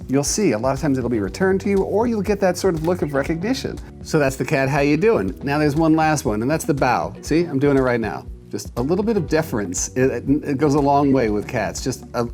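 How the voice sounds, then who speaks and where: A man's voice: fairly high pitch, a little mellow. A man hosting a casual video, explaining cat care to the camera in a chatty, demonstrative way with loose restarts. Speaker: host giving cat-care advice. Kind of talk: casual instructional talk to camera.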